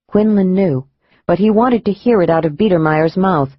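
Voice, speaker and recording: A man narrating a thriller audiobook in a measured, even manner. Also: sits high, dry recording, lo-fi sound.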